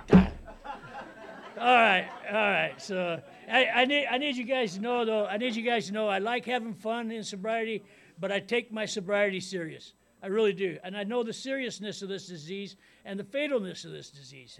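A middle-aged man tells his story to a room full of people at a recovery meeting. His voice is pitched high with a gravelly texture. He rambles casually and keeps checking in with his listeners. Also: fairly bright tone. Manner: rambling and casual, with many "man" and "you know what I mean". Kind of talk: personal recovery talk to a meeting. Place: meeting room before a live audience.

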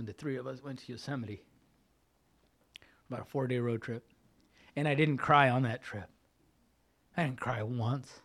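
Gravelly-voiced middle-aged man sharing his story. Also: mid-range voice. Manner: casual and heartfelt, repeats phrases, says "man" often. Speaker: speaker sharing at a recovery meeting. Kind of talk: personal recovery testimony.

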